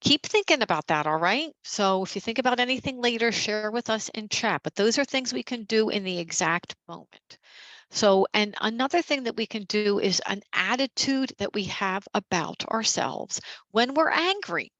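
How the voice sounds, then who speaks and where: A woman teaching a caregiver support workshop over a video call, gentle and encouraging, with casual fillers. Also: medium pitch, lively intonation, moderate pace, no room sound, low-quality recording.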